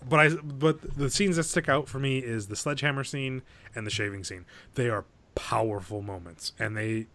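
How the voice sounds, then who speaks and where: A man's voice: mid-range voice, normal speed. A man on a podcast, talking casually and with energy as he retells a movie, swearing freely and acting out lines from it. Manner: animated, swearing, acts out quoted lines. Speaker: podcast co-host.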